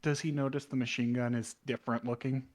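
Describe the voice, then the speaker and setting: A man's voice: medium pitch, flat delivery, fast talker, darkish tone. A man playing in a casual tabletop game who rambles, stammers and restarts a lot. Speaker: player.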